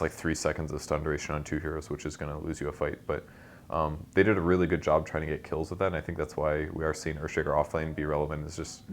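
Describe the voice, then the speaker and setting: A man with an extremely low voice talks through game tactics at a brisk clip, piling up explanations with loose fillers. A faint rumble sits under the recording. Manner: fast, knowledgeable, explaining tactics with many fillers. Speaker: esports analyst. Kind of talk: casual game analysis chat.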